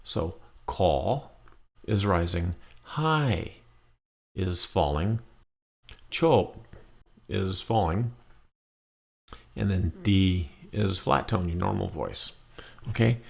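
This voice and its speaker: Male language teacher, deep and gravelly, patient, stretches out example phrases. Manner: slow, patient explaining with drawn-out demonstration phrases. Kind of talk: recorded language lesson.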